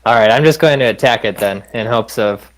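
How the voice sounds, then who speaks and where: A man's voice: mid-range voice, fairly quick, rough recording. A man playing a tabletop game, casual and matter-of-fact. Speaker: player.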